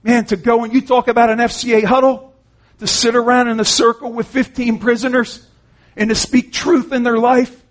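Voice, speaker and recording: A man's voice: very high-pitched, flat delivery, normal speed. A man preaching an earnest, conversational sermon, retelling conversations and often saying "man". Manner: frequent "man" and restarts.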